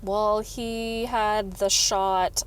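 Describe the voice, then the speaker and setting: A young woman with a mid-range, smooth voice co-hosts a casual movie review show from inside a car, speaking extremely slowly with a flat delivery. Chatty and giggly, she says "like" a lot. Loud road hum and car noise fill the recording.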